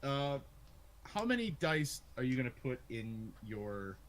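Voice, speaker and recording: A man running a tabletop game as game master, narrating the action in a lively storytelling manner and laughing easily. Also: medium pitch, measured pace, slight background noise.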